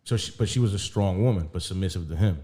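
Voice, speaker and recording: A man's voice: sits low, fast talker, mellow. A man co-hosting a casual podcast, talking candidly and profanely about his relationship. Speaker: podcast co-host. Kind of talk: casual chat.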